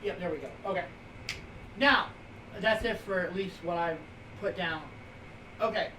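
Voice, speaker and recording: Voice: mid-range voice, unhurried, bright, forceful tone. A streamer in their forties co-hosting a live show, casually rambling through wrestling news items with lots of fillers. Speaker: streamer co-host. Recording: roomy, distant from mic, faint noise.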